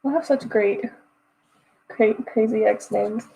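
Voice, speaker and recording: A woman's voice: a little high, fairly even intonation, slow pace, vocal fry, warm tone, husky, rough recording. Giggly young woman chatting on a livestream. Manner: giggly, chatty, many fillers and restarts. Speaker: writing livestream host. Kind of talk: casual livestream chat reading comments.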